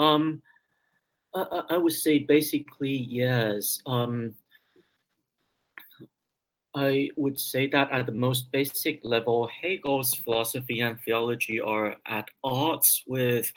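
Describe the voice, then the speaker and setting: A man's voice: medium pitch, steady tone, slow, poor audio. A man being interviewed as a guest scholar, talking hesitantly with many ums and repeated words. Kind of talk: interview discussion.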